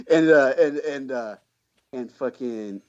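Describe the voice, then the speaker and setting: A man in mid-range pitch tells a story in loose, casual chat. He is slangy and swears a lot, with plenty of fillers and restarts. His voice comes through a slightly dull, lo-fi recording. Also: a little mellow. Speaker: podcast guest.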